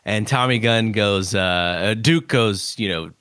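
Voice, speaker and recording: Bright-voiced man retelling movie scenes. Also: fairly low pitch, measured pace, few pauses, dry recording, clean studio sound. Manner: animated retelling, acting out quotes. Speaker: podcast co-host. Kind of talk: casual film review chat.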